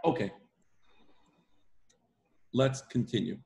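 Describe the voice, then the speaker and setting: A man's voice: medium pitch, takes it slowly, gravelly, noisy background. A man teaching an online Talmud class, emphatic and repetitive, often checking in with "right?". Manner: emphatic, repeats himself, stresses points with "right?".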